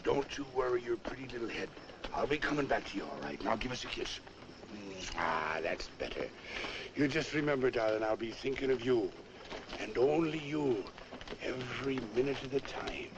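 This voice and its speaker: A man's voice: medium pitch, expressive, moderate pace, dull audio, natural voice. An actor playing a tipsy, charming soldier, coaxing and sweet-talking his sweetheart. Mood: soothing. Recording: noisy old film soundtrack.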